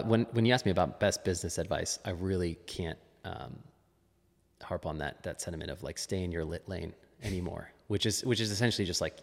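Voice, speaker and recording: Recorded in what sounds like a large hall, a man with a deep voice talks as a podcast guest. He's a fitness coach, and the casual interview has him musing, restarting often, and laughing frequently.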